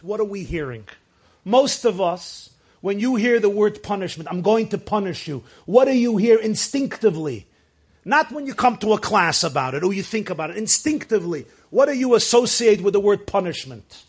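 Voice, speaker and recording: A man's voice: sits high, husky. A man giving a Torah class, emphatic at times and telling stories with Yiddish and Hebrew phrases. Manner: emphatic, rises to shouts for stress. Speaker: Torah teacher.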